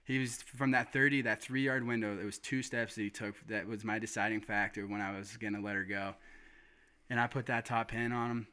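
A man telling a hunting story in casual chat, excited and swearing now and then. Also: lowish voice, fairly quick.

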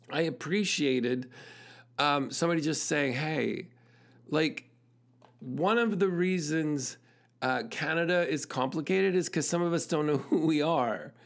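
A man hosting his own show, telling a personal story in an earnest, thoughtful way and laughing at himself now and then. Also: a little high. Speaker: podcast host and musician. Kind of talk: reflective storytelling monologue.

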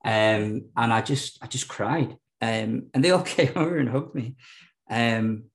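A man's voice: mid-range voice, measured pace, gravelly. A man telling his own story frankly as a podcast guest, swearing, using lots of fillers, and laughing often. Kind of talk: candid personal storytelling.

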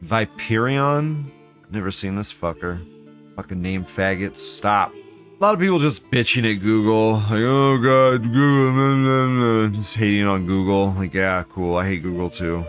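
A man's voice: moderate pace, soft background music. Profane ranting livestream host, man. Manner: profane, scornful, swings between loud outbursts and low mutters. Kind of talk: ranting commentary reading viewer posts.

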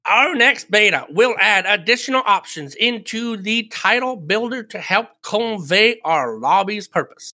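A man's voice: sits high, expressive, unhurried, few pauses, pushed and bright. A man co-hosting a casual gaming podcast, reading update notes aloud and joking around with a playful manner. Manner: playful, joking, laughs often. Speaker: podcast co-host.

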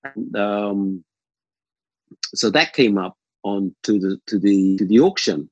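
A guest with a fairly low-pitched voice speaks slowly through a long, rambling anecdote, casually told with many ums, restarts and lively quoted asides. The recording is muffled with no room sound.

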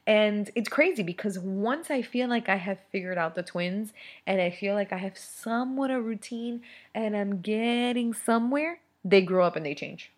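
A woman's voice: medium pitch, normal speed. A young adult woman, a mother of twins, talking casually and candidly about parenting, with lots of fillers and frequent laughs. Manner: chatty and candid, many fillers, laughs often. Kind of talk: casual monologue.

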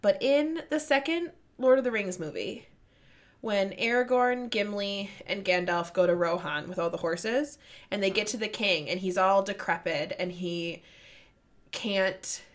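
A woman hosting a casual book chat, retelling scenes with excitement and plenty of swearing. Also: medium pitch, a little slow. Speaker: book podcast host.

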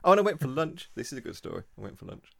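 A young man co-hosting a podcast, chatting casually and telling an animated story, laughing often. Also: mid-range voice, racing, gravelly, no echo. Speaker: podcast co-host. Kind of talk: casual chat.

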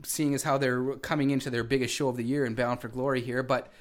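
A man co-hosting a wrestling radio show with a middle-pitched voice. He recaps the week's events in a loose, rambling way, often stopping to restart a sentence. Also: level tone, fast talker. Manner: rambling with frequent fillers and restarts. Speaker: co-host. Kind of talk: casual wrestling radio chat.

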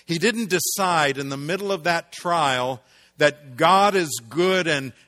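Man preaching with dramatic loud-soft swings. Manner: dramatic swings between loud emphasis and hushed low delivery; rhetorical questions to the congregation. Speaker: pastor. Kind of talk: sermon.

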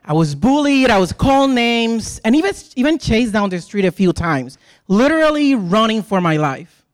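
A man's voice: sits high, very animated, moderate pace, no room sound, clean studio sound. A man in his thirties with a Puerto Rican accent, a native Spanish speaker, preaching an impassioned sermon to a congregation with earnest, emphatic rhetorical questions. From Puerto Rico. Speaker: lay preacher addressing a congregation.

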